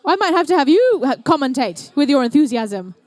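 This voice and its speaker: A woman's voice: sits high, big pitch swings, brisk, a little mellow, no echo, some chatter behind. A young woman doing live, playful, chatty commentary at an indoor competition. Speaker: event commentator.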